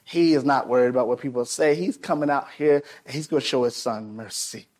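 A man preaching a sermon, animated, swinging between loud declarations and hushed asides, acting out the people in the story. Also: medium pitch, brisk. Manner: acts out quoted voices of people in the story.

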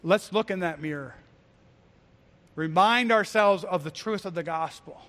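High-voiced preaching man in a reverberant hall. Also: unhurried, fairly bright tone. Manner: earnest preaching, rising to emphatic exhortation. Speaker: pastor. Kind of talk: sermon.

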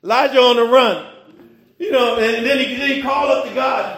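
A male pastor delivering a casual, humorous sermon full of slang, swinging between loud bursts and quiet asides. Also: extremely high pitch, normal speed, roomy sound. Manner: informal preaching with slang and humor, rising and dropping in intensity.

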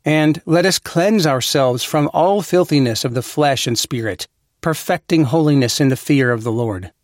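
A man giving a measured, earnest, formal reading of an old sermon text. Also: a little high, no echo, clean studio sound. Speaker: reader of a devotional text.

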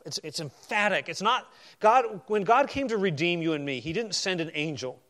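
A man preaching a sermon, working through a Bible passage verse by verse and moving between emphatic declarations and quiet asides. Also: sits high, animated, moderate pace.

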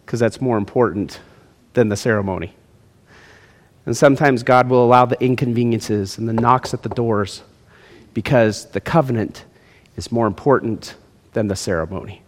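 A male pastor preaching a lively, jokey sermon in a church, swinging between loud and hushed. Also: medium pitch, long reverb tail. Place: church sanctuary.

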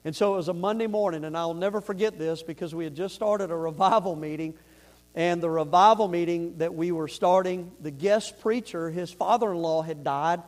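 Man, pastor, high-pitched, earnest sermon storytelling, rising to fervent shouted preaching. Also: normal speed.

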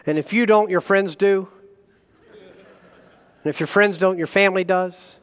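A man preaching a sermon as a guest pastor, animated and self-deprecating, with chuckles between points. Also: sits high, unhurried, clear, resonant tone, long reverb tail. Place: church sanctuary.

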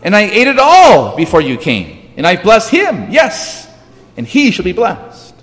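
A man's voice: high voice, big pitch swings, moderate pace. A man voicing an aged blind father who gives solemn, declaiming pronouncements, heard with a long hall reverb. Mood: shaken.

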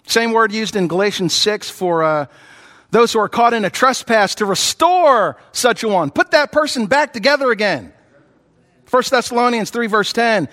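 A man preaching a sermon, earnest and repetitive, who rises in pitch when voicing others. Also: a bit bright. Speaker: pastor. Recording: long hall reverb.

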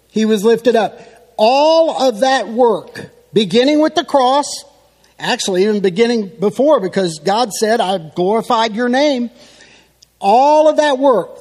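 A man preaching a sermon, teaching slowly and with emphasis as he works through a passage. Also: extremely high pitch, darkish tone, in a large hall. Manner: slow, emphatic expository teaching.

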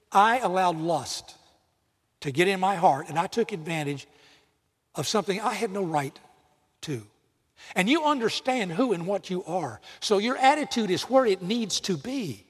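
High-voiced preacher in a reverberant hall. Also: male voice, a bit bright. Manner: direct, emphatic, acts out imagined apologies. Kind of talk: sermon to students.

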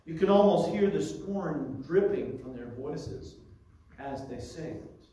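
A man's voice: fairly high pitch, expressive, slow pace, warm tone. Man, preacher, expository sermon, asides, distant mic, very echoey. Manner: teaching verse by verse with asides.

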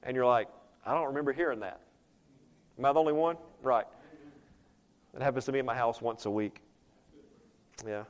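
A man preaching a sermon as pastor, animated, acting out quoted voices and swinging between loud and soft. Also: medium pitch, brisk, long pauses, smooth.

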